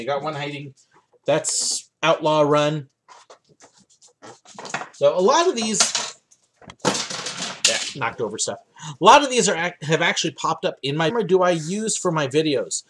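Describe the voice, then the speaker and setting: A man's voice: fairly high pitch, noisy background. Chatty man hosting a livestream Q&A. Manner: chatty, relaxed, lots of ums and uhs. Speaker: livestream host answering viewer questions. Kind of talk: casual livestream chat. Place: home office.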